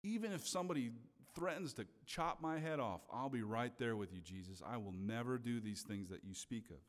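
A man's voice: mid-range voice, fairly quick, close to an everyday voice. A man voicing Peter as a brash, overconfident man who boasts of his loyalty. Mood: boastful. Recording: long hall reverb.

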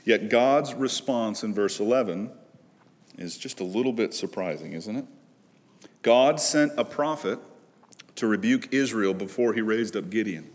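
A man with a somewhat low voice preaches a sermon. He speaks with earnest conviction, climbing to loud pleas and sinking to hushed, heavy lines. His voice rings with the long reverb of a large hall. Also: unhurried. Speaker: pastor.

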